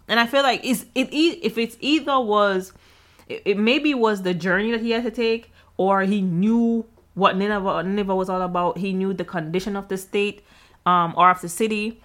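A woman's voice: mid-range voice, normal speed, a bit bright. A woman co-hosting a casual Bible discussion podcast, joking in slang and acting out the people in the story. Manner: playful slangy banter, acts out characters. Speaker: podcast co-host.

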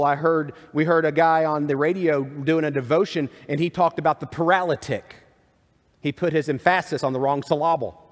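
A man preaching a sermon, reading scripture aloud and adding conversational asides. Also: on the high side. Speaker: pastor. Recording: long hall reverb.

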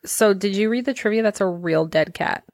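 A woman in a casual podcast chat, recapping scenes and quickly acting out the characters' lines. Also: medium pitch, a little mellow, dry recording. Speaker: podcast co-host.

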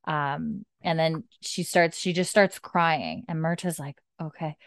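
A woman hosting a podcast, recapping a TV episode at home in a casual, animated way, full of "she's like". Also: low voice, takes it slowly, no echo, clean studio sound. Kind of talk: casual chat. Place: home, with pets nearby.

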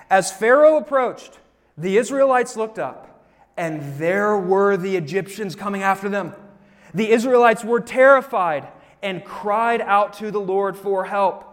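Male pastor, higher voice, lively live sermon in a reverberant church hall. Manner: animated, acts out congregants' voices, speeds up on asides. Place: church sanctuary.

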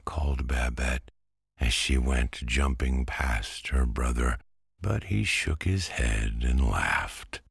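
A man with a very deep, gravelly voice reads a bedtime storybook slowly and soothingly. His tone is husky and breathy, and the sound is close and dry. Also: expressive, no echo. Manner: slow, soothing delivery.

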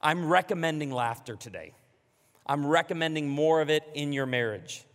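Animated male pastor preaching in a hall. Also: fairly high pitch, normal speed. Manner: animated, emphatic, joking with the congregation. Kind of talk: sermon.

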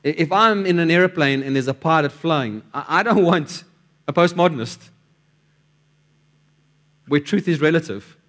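A man's voice: fairly high pitch, expressive, moderate pace, pauses often, a bit bright. A man delivers a sermon to his congregation. His delivery is conversational and anecdotal, and he restarts and repeats words as he builds his points. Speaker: preacher.

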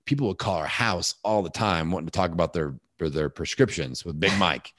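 A man with a big, deep voice, talking casually as a guest in a podcast interview and telling animated stories. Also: a little fast, no echo. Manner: animated storyteller, acts out voices.

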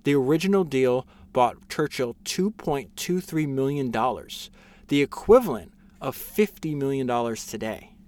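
Man, podcast host, casual book summary, enthusiastic, lots of ums and restarts, mid-pitched voice. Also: animated, moderate pace, darkish tone. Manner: enthusiastic, reads quotes aloud with many fillers and restarts.

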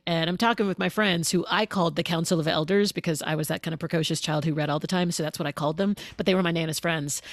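A woman guest on an interview show talks openly and warmly expressive, laughing as she goes and acting out quotes. Her voice sits low. The sound is dry and close. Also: no echo. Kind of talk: conversational interview.

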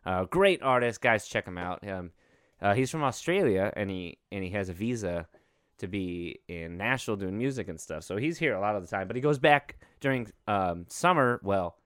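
A man chats loosely on a podcast, joking and rambling with plenty of ums and restarts. His pitch swings widely as he talks. The sound is dry and close, with no room around it. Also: lively intonation, moderate pace, fairly bright tone, clean tone, no echo. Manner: rambling, jokey, lots of fillers and restarts. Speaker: podcast co-host. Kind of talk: casual podcast banter.

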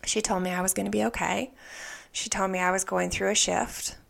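A woman telling a personal spiritual story in an earnest, soft way, often dropping into a whisper. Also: medium pitch, fairly even intonation, a little fast, gravelly. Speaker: spiritual vlogger.

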